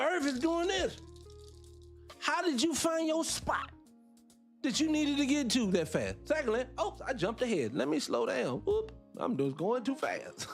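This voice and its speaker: A man hosts a casual talk show, rambling and talking straight to his listeners. His voice sits high and swings widely up and down. Faint music plays behind him. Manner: animated, rambling, swears freely, talks straight to listeners. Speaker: radio show host.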